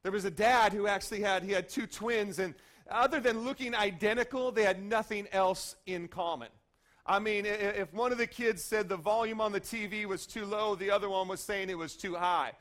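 High-pitched guy pastor preaching, lively storyteller, does the voices and yells bits. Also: moderate pace. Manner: animated storytelling, acting out voices and shouts. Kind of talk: sermon.

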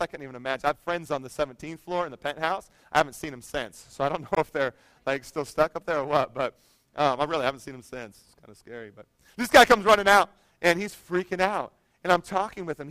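Young male pastor, bright high tone, dry close mic, chatty sermon delivery. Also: no room sound, poor audio. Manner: conversational preaching, rising to emphatic proclamation.

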